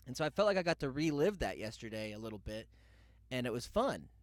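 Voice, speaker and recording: A man's voice: medium pitch, very animated, fast talker, no room sound, studio quality. A young man hosting a podcast, telling a loose comic story full of asides and mock quotes. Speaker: podcast host. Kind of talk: rambling comedic monologue.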